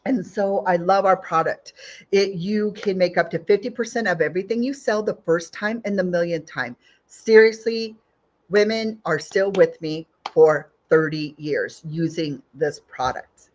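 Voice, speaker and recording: A woman's voice: fairly low pitch, a little slow, a little mellow, highs cut off. A woman giving an earnest motivational talk, asking her audience question after question and repeating phrases for emphasis. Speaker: Mary Kay sales director giving a recruiting talk.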